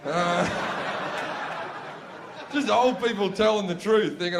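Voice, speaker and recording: A man's voice: slow, pauses often, background noise. A young man doing a crude, swearing stand-up comedy set on a club stage. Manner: crude, swearing, loud jumps in pitch and volume.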